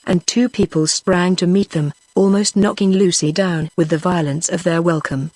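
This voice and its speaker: A woman's voice: fairly low pitch, normal speed, no echo. A text-to-speech woman voice with a British English accent narrating a children's storybook audiobook. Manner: even machine-read narration.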